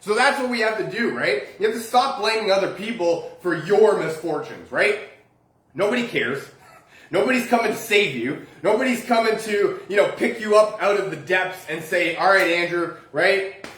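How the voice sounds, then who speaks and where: High-voiced man, rambling self-help talk. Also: animated, normal speed, a bit bright, echoey room. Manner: rambling, frequent "right?" tags and restarts; chuckles often while talking. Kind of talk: casual motivational talk.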